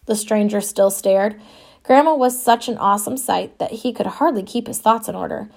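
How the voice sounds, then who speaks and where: A woman's voice: mid-range voice, normal speed, gravelly, darkish tone. A woman reading an audiobook in the first person, with a wistful, wry storytelling manner. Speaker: audiobook narrator. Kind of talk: scripted first-person narration.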